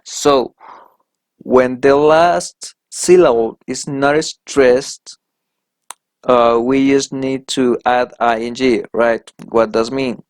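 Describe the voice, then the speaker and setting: A man with Spanish as his first language teaches an English grammar lesson at an unhurried pace. His voice sits mid-range for a man and sounds dry and close. He explains each rule methodically and keeps checking that his students are following. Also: mid-range voice, steady tone, no echo. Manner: methodical, checks in with "right?" after each point.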